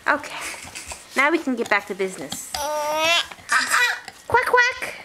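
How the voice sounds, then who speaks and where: A woman's voice: on the high side, sing-song, a little fast, background noise. A woman filming her small child at home, talking to the child in a playful sing-song way. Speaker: parent filming her toddler. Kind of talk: casual home video. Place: family home indoors.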